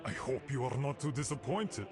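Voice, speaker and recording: An actor voicing a suspicious, bossy program with a Russian accent in a video game, speaking in clipped, broken phrases. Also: male voice, medium pitch, lively intonation, moderate pace, lightly acted. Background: game music.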